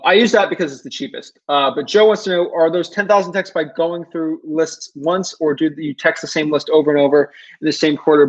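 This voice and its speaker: A man's voice: a little high, dull audio. A male host talking casually on a live video call, answering viewer questions and dealing with connection trouble. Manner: casual, relaxed, apologetic about tech trouble.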